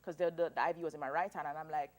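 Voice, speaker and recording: A woman in her thirties telling a personal story as an interview guest, animated and emotional, laughing through tears. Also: sits low, racing. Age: 30s.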